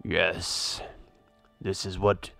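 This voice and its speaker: A man voicing a dark, mysterious male villain who speaks slowly and calmly. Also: sits low, vocal fry, over music, full character voice. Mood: menacing. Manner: slow, menacing, calm.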